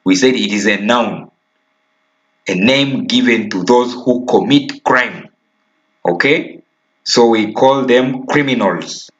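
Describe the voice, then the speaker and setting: Ugandan guy teaching a kids' class, really slow, keeps saying okay, dull lo-fi audio. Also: mid-range voice, fairly bright tone. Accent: Ugandan English. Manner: slow, emphatic, repeats key words and asks "okay?". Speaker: primary school teacher. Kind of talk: recorded classroom lesson. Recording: dull lo-fi recording.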